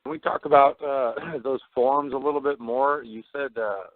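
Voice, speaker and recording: A male caller hesitantly asks the host to explain again. He sounds unsure and stops to think. The tinny phone line carries a steady hiss behind him. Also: medium pitch, normal speed. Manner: hesitant, asking for clarification. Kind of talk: phone call-in question.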